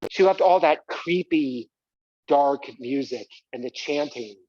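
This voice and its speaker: A man's voice: fairly high pitch, measured pace, darkish tone, dull audio. A man performing a live one-man stage show, talking theatrically and prodding the audience to join in. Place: community center stage.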